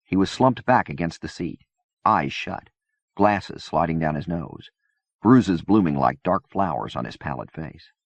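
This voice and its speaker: A man reading a novel aloud in measured, even scripted narration. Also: sits low, no room sound. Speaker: audiobook reader. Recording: dull dry cassette-era recording.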